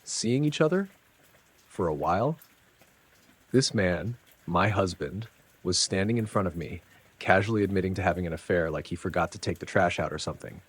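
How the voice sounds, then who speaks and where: A man's voice: low-pitched, brisk, breathy edge. A man narrating a first-person story in a dramatic, conversational way with casual asides.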